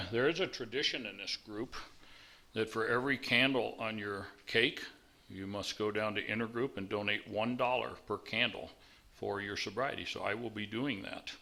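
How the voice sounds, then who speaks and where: Gravelly man chairing a meeting. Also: lowish voice, bright, forceful tone. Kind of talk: announcing at a recovery meeting.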